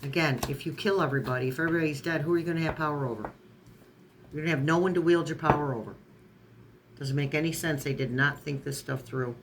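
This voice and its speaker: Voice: medium pitch, quick pace, background noise. A tarot reader in a casual online reading who strings card keywords together, stumbles and corrects words, and adds sarcastic asides.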